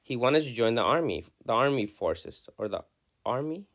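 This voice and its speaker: A man's voice: mid-range voice, lively intonation, normal speed, a bit bright. A man teaching a class, reading a student's narrative aloud and stopping often to point out problems in its structure and dialogue. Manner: reads student text aloud then comments, with many restarts.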